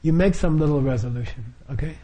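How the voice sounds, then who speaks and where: A man's voice: fairly high pitch, fast, dark tone. A middle-aged man leading a Buddhist group, explaining the practice informally with frequent chuckles, fillers and restarts.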